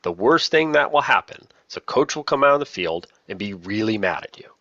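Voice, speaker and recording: A man's voice: fairly low pitch, animated, brisk, sharp tone, no room sound, muffled recording. Chatty man teaching officials over a call. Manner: chatty, self-deprecating, repeats key points. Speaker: lacrosse officials trainer. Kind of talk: casual online training talk.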